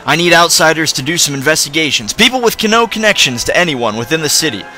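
Brief: a man voicing a grave city guard officer for a game, plain read, bright timbre. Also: fairly high pitch, fast, faint music behind. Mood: earnest. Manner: plain, even reading of game dialogue.

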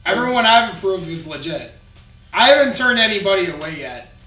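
A man's voice: high-pitched, big pitch swings, a little fast, pushed and bright, echoey room, recorded from a distance. A man co-hosting a casual chat, blunt and dismissive, swearing freely. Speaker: podcast co-host, group admin.

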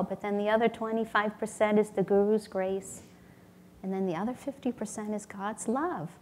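A woman's voice: medium pitch, a little mellow. A woman delivers a heartfelt sermon to her spiritual community in a temple. Her speech is earnest and conversational, with friendly restarts and a storyteller's touch as she works through her points. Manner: earnest, storytelling with acted-out voices and laughter. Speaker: speaker giving a talk at a spiritual community.

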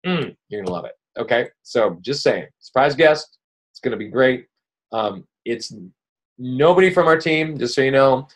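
A man's voice: medium pitch, a little slow. Upbeat rambling male team coach. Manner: upbeat, rambling, with many fillers and restarts. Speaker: team coach hosting a weekly call. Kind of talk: casual motivational coaching talk.

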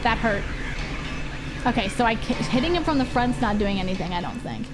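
A woman streaming a horror game, giving casual commentary, excitable and swearing often as she cheers her character on. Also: on the high side, brisk. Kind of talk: casual let's-play commentary. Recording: game music playing behind.

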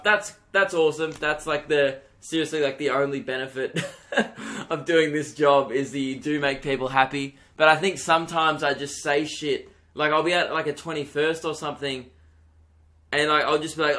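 Young Aussie male comedian, bright, slightly high voice, self-deprecating home podcast ramble. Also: steady tone. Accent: Australian. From Australia. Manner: rambling, self-mocking, quick asides and laughs. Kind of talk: casual solo podcast rant. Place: lounge room at home. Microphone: desk podcast microphone.

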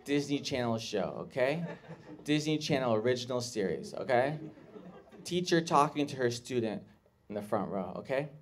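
A man doing a stand-up comedy set, talking in an awkward, halting way with restarts and jumping up into shrill voices when he quotes people. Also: lively intonation. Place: comedy club stage with live audience. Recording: clear live audience laughter.

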